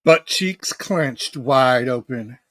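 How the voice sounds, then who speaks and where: A man's voice: mid-range voice, takes it slowly, fairly bright tone, no room sound. A man hosting a live watch party from home, giving casual, rambling commentary full of swearing. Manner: profane, rambling, chatty asides. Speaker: live stream host.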